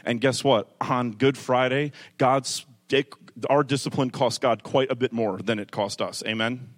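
A male pastor preaching a sermon, moving from calm teaching to rising, emphatic delivery, with conversational asides to the congregation. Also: measured pace. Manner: builds from calm teaching to loud, high-pitched preaching.

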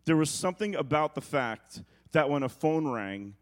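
A middle-aged man from New York preaching with humorous storytelling, acting out quotes and sounds with quick jokey asides. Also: on the high side, expressive. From New York, United States.

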